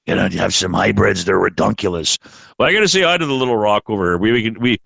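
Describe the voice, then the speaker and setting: Man, lowish voice, dry close sound, rambling podcast chat, swears freely. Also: fast talker, gravelly, fairly bright tone, no room sound, muffled recording. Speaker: podcast host.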